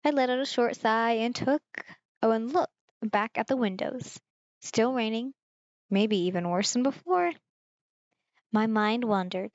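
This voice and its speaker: A woman's voice: fairly high pitch, dry recording, highs cut off. A woman from Germany streaming a visual novel, reading the story aloud and chatting with viewers in asides.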